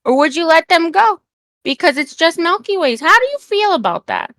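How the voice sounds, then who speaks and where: Bright, high-voiced excitable woman. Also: no echo. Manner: excitable, teasing, quick questions. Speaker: guest streamer. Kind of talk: playful stream chat.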